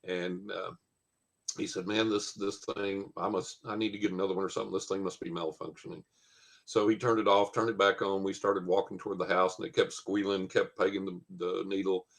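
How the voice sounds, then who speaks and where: A man's voice: deep voice, little pitch movement, brisk, gravelly. A man, telling a long personal story as a guest, with lots of fillers and quoted dialogue. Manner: rambling anecdote with many fillers and quoted dialogue. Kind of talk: casual storytelling.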